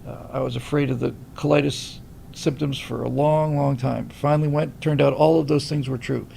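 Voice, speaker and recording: Gravelly man, livestream host, rambling chat, faint rumble behind. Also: moderate pace. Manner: rambling, animated, many restarts. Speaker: livestream host reading super chats.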